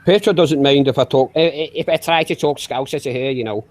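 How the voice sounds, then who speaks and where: A man's voice: medium pitch, fairly quick. A man chatting casually, hesitant and often repeating words. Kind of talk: casual chat.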